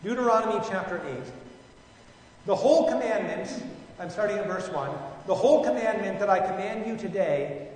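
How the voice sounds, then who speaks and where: A man leading a conversational Bible study, musing informally with frequent fillers and restarts. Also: high-pitched. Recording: echoey hall from far off.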